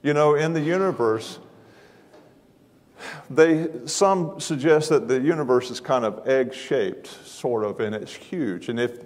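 A man's voice: medium pitch, lively intonation, unhurried, a little mellow. A man preaching a sermon in a large church auditorium, folksy and self-deprecating in manner. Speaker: guest preacher. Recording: long hall reverb.

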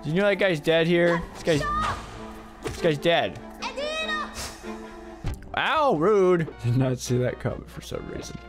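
A man's voice: on the high side, big pitch swings, measured pace, long pauses, soft background music. A man streaming a video game, tired and losing his voice, joking and laughing, with frick and freaking in place of swears. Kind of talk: casual live-stream commentary.

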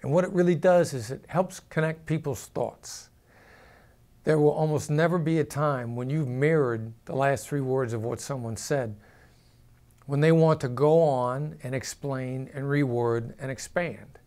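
A former negotiator, a man, explaining negotiation to camera in a measured way, sometimes lowering his voice to show a firm tone. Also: darkish tone. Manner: measured, drops pitch and volume to demonstrate firm downward inflection.

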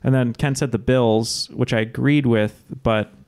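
A man competing on a podcast quiz, hesitantly thinking his answers out loud. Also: medium pitch, steady tone, measured pace. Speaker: quiz contestant. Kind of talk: casual podcast chat.

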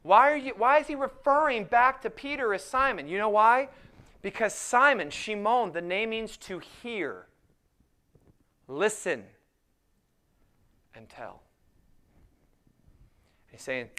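Smooth-voiced man preaching a sermon. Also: sits high, lively intonation, pushed and bright. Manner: preaching with emphatic, slowed scripture quotes. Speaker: pastor.

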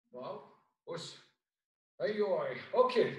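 Karate sensei, Irish man, higher voice, unhurried; distant mic, very echoey room. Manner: calls out commands and counts, brisk shouted cues. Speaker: karate instructor. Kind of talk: online class instruction. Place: home room on video call.

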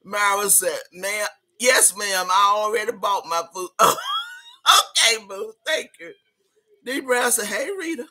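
A woman hosting a casual livestream, reading out viewers' comments with loud, rowdy laughter and party banter. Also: medium pitch, measured pace. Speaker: livestream host.

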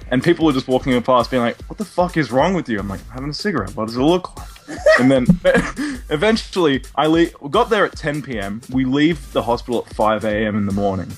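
A man's voice: medium pitch, lively intonation, a little fast, soft background music. A young Australian man co-hosting a podcast, telling a story in a sweary, laughing way. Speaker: podcast co-host. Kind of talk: casual storytelling chat.

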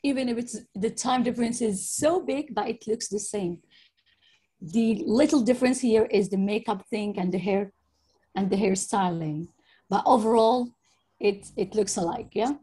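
A woman's voice: mid-range voice, normal speed, mellow, slightly rough, low-quality recording. A young woman, giving a casual slide presentation over a video call and often checking in with her listeners.

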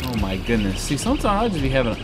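A young man giving let's-play commentary over a shooter game, excitable and slangy, talking to the game's characters and yelping loudly when he gets into fights. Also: mid-range voice, racing, heavy background noise. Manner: slangy, joking asides. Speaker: gaming streamer. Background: game music and gunfire.

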